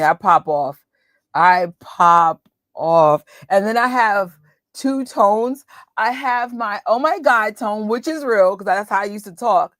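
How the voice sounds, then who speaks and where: Casual New York woman in her thirties, talky stream host, low register, no room. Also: no echo, studio quality. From New York, USA. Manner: chatty, laughing, quotes voices. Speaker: watch party host. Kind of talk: casual chat with live viewers.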